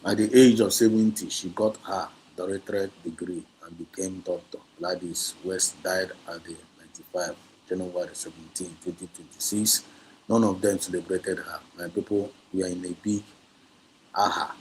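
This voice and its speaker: The low, darkish voice of a male activist livestream host with a Nigerian Igbo accent moves little in pitch and keeps a normal speed, with slight background noise behind it. Switching between Igbo and English, he exhorts and scolds emphatically, with heavy repetition.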